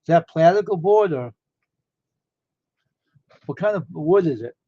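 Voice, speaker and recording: A man's voice: on the high side, lively intonation, a little slow, warm tone, dry recording. A man chatting casually on a live stream, rambling and amazed, firing off one question after another. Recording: dull lo-fi dry sound.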